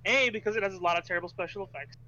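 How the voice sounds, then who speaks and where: A man's voice: high-pitched, racing, pushed and bright, muffled recording. A man co-hosting a podcast, criticizing a film with sardonic, dry jokes. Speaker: podcast co-host. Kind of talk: casual chat about a film.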